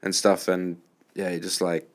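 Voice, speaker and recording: This is a man with a very deep voice, hosting a podcast in an easygoing, conversational way. He swears casually and chuckles often as he chats. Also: flat delivery, normal speed. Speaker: podcast host. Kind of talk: casual chat.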